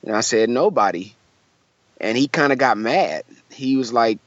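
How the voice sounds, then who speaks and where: A young man from Michigan tells a long story in a relaxed interview, acting out the quoted voices with plenty of likes and you-knows. His voice sits at a middle pitch. The sound is dry and a little dull. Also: normal speed, no echo. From Michigan, USA. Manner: animated storyteller, acts out quoted voices, lots of fillers. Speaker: musician guest.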